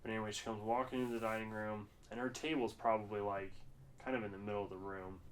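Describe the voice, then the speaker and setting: A man's voice: fairly low pitch, flat delivery, quick pace, a little hiss or hum. A man co-hosting a podcast in casual chat, telling stories in a rambling way with plenty of fillers and swearing. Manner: rambling, profane storytelling with lots of fillers. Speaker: podcast co-host.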